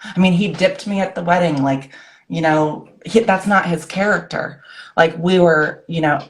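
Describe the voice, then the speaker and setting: A woman in her forties with a low voice tells her own story as a guest. She talks earnestly in short bursts of phrases, and she slips into the voices of people she remembers. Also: moderate pace. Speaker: guest author. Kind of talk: personal story in conversation.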